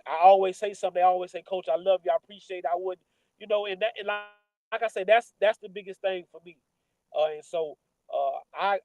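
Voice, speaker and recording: A man in his forties with a fairly high, mellow voice, recounting a personal story as a football coach on a sports talk show. He speaks casually, often pausing on "uh" and restarting his sentences. The sound is close and dry. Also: no room sound, rough recording. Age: 40s. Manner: conversational, many filler "uh"s and restarts.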